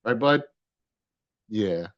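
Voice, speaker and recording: A man's voice: fairly low pitch, animated, drawn-out words, no echo, dull audio. A man hosting a virtual dog adoption event over a video call, speaking with enthusiasm and laughing often. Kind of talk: upbeat promotional chat.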